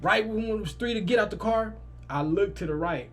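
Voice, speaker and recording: A young man telling a story in a lively, casual way, jumping to loud, high-pitched quoted lines. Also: fairly quick. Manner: animated, swings loud and high in quoted lines, swears freely. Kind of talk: animated storytelling.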